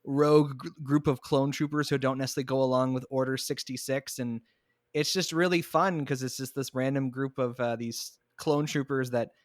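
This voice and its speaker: A man's voice: mid-range voice, steady tone, moderate pace, dry recording, clean studio sound. A man hosting a podcast, chatting casually and eagerly recommending shows, poking fun at himself. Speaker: podcast host. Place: home, recorded remotely.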